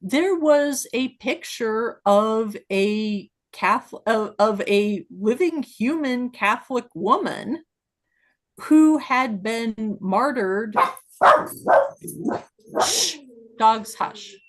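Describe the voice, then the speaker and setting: Slow-talking woman explaining with fillers. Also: on the high side. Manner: explanatory, many "like" fillers, animated when making a point. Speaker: podcast co-host. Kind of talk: casual discussion.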